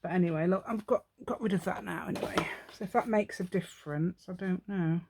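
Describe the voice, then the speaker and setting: A woman's voice: on the low side, a little fast, a little mellow, slightly rough. A woman hosting a crafting tutorial, chatting as she works, rambling and laughing often. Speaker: craft channel host.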